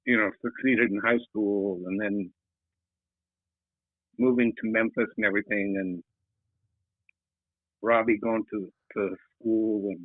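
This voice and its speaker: A man's voice: on the low side, steady tone, unhurried, long pauses, dry recording. A man in his seventies, a guest chatting casually and telling stories with chuckles. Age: 70s. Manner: chuckling storyteller. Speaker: guest, host's uncle. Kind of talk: casual chat. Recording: tinny phone line, dry.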